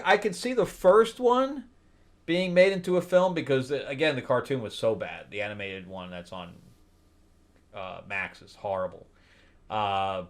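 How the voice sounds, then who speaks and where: A man hosting a comic book review show, talking casually, bluntly exasperated, laughing often and swinging from low mutters to loud disbelief. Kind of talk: casual spoken review commentary.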